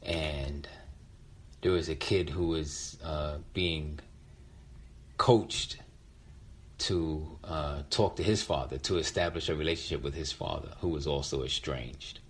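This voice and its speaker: Man, very deep voice, husky, reflective storyteller, halting delivery. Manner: reflective, halting with fillers and restarts. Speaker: featured storyteller. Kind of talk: personal storytelling.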